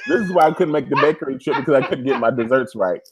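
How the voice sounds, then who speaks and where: A man co-hosting a casual recap show, joking and quick to laugh. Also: medium pitch, very noisy. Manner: animated, joking, breaks into laughter. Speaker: podcast co-host.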